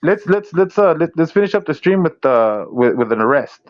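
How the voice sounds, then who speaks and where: A man's voice: on the high side, big pitch swings, a little fast. Giggly man co-hosting a stream, lo-fi. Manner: giggly, self-mocking jokes. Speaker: stream co-host. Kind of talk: casual livestream chat. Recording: dull lo-fi audio.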